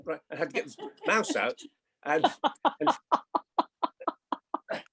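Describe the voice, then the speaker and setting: Husky older man telling lively stories. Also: on the high side, slow. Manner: animated storyteller, acts out voices in his anecdotes. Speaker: guest actor. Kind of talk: anecdotal chat.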